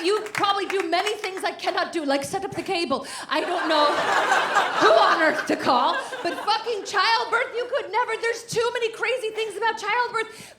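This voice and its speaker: A woman in her thirties doing a profane, brash stand-up comedy set, working the crowd with quick asides. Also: very high voice. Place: comedy club stage with live audience. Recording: live club recording with loud crowd and noise. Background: audience laughter.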